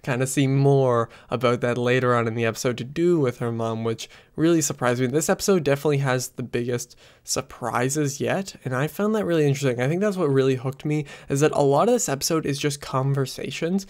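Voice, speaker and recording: A man talks through a show review at a home setup, close on a desk microphone. His voice sits at an ordinary middle pitch. He rambles and leans on frequent fillers. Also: brisk, few pauses, darkish tone. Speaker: film and TV reviewer. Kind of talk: casual spoken review. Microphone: USB desk microphone close up.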